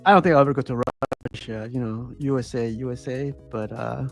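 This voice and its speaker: A man's voice: medium pitch, fairly even intonation, a little fast, vocal fry, soft background music. A man in casual chat, easygoing and joking, laughing often.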